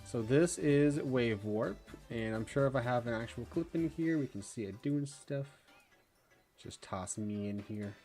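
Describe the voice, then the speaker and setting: A man's voice: medium pitch, measured pace, faint music behind. Young man streaming, laid-back and chatty. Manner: relaxed, chatty, laughs often, thinks aloud. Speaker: livestream host. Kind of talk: casual livestream chat.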